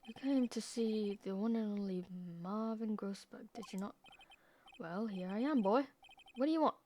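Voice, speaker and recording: A woman voicing a pompous, evasive older male lawyer with a drawn-out, theatrical delivery. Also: mid-range voice, warm tone, a little hiss or hum, natural voice.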